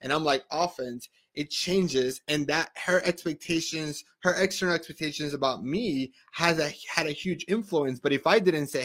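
A man's voice: a little high, moderate pace, hardly any pauses, fairly bright tone. A man hosting an interview, talking earnestly and often repeating words as he starts a thought. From Spanish-speaking country. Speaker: podcast host. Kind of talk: conversational interview.

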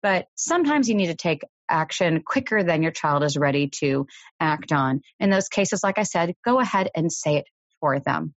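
A woman with a slightly low voice gives parenting advice in a calm, measured, explanatory manner. The sound is dry and a little dull, like a lo-fi home recording. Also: dry recording. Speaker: parenting podcast host. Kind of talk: advice talk.

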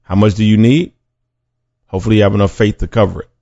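A man's voice: lowish voice, fairly even intonation, fast talker, vocal fry, dark tone, no room sound. A man preaching a podcast sermon in an earnest, conversational way, often restarting his sentences. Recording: dry, dull lo-fi sound.

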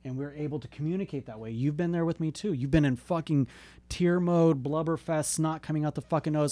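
A man's voice: a little high, a little fast, warm tone. A man in his thirties talking bluntly and with lots of swearing, urging listeners to be open and ask for help. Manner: profane, blunt, impassioned. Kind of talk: candid motivational talk.

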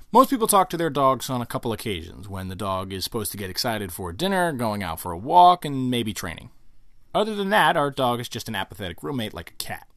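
A man's voice: mid-range voice, no echo. A man hosting a podcast, explaining dog training in a conversational way and acting out examples. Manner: conversational, acts out examples, lively. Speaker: podcast host giving dog training advice. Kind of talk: casual instructional monologue.

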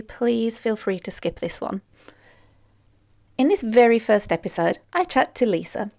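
A woman hosting a podcast, earnestly reading her intro and then chatting warmly with a friend, cheering her on and laughing often. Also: medium pitch. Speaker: podcast host. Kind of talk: scripted intro, then casual chat.

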